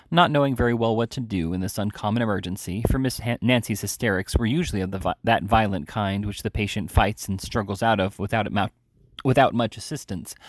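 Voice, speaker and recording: A man reading a classic novel aloud in a measured way, with the odd slip and self-correction. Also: on the low side, creaky, no room sound, clean studio sound. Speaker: reader. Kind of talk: audiobook narration.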